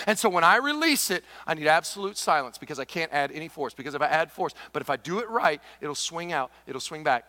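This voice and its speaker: Lively man preaching in an echoey hall. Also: fairly high pitch, fast. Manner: animated storytelling, swings between loud exclamations and hushed intensity. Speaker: pastor. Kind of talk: sermon.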